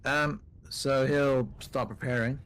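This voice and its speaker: Guy playing the game, talks real slow and careful. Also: medium pitch, steady tone, fairly bright tone. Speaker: player.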